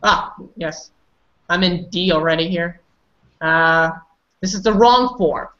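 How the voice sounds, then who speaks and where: A woman's voice: lowish voice, slow pace, a bit bright, highs cut off. Woman teacher correcting pronunciation. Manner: patient, correcting and prompting students. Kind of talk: online class instruction.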